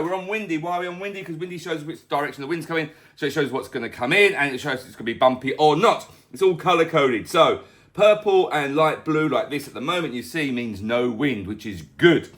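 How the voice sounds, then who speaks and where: A man's voice: a little high, fairly quick. Playful man hosting a weather vlog. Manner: playful, goofy, self-mocking, excitable asides. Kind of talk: jokey casual weather update. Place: bedroom at home.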